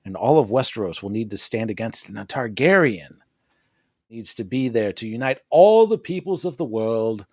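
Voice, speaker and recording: A man's voice: medium pitch, expressive, normal speed, no room sound, studio quality. Profane, joking male podcast co-host. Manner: profane, joking, laughs often. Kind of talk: casual podcast chat recapping TV episodes. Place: podcast studio.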